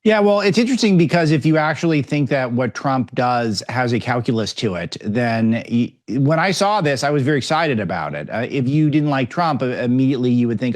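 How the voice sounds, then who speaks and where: A man's voice: medium pitch, lively intonation, brisk, few pauses. A middle-aged man appearing as a guest, arguing political points in an emphatic way. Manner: emphatic, argumentative. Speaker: guest commentator. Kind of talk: political commentary.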